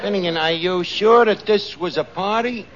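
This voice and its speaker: An actor playing a scheming, wisecracking tavern manager in a 1940s radio comedy. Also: male voice, sits high, a loud crowd, close to an everyday voice. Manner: fast-talking, lively wisecracks. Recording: muffled old radio broadcast with hiss.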